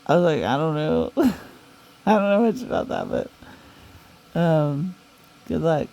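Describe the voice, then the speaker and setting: A woman's voice: low voice, sing-song, takes it slowly, gravelly, warm tone, poor audio. A young woman telling a long, rambling story in a casual way, with many fillers, restarts and the odd swear word. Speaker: storyteller recounting a dream.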